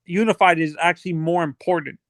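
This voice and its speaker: A man in a casual sports debate who gives his opinion in a measured way, hedging as he goes. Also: on the high side, steady tone, a bit bright, no echo. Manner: measured, shares opinion with qualifiers.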